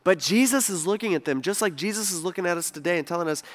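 A male pastor preaching a sermon in an animated way, acting out the voices he quotes and swinging between loud and soft. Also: high-pitched, quick pace, few pauses.

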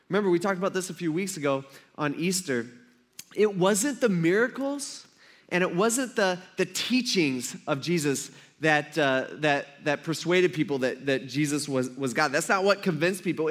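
A pastor delivers a sermon in an easy, conversational way, slipping into quick acted-out lines and asides to his listeners. His voice sits a little higher than most men's. The manner is casual and lively. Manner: casual, animated, acts out quotes with asides.

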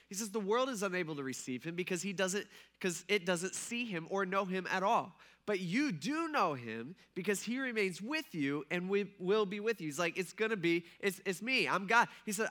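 A young man preaching a casual, conversational sermon as pastor, animated and laughing often as he acts out quoted dialogue. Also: high voice, fairly quick.

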